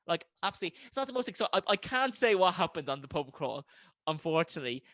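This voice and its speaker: Young male co-host, chatty and casual, slightly high voice, dry recording. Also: big pitch swings, fast talker, a bit bright, no echo. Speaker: podcast co-host. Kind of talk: casual chat.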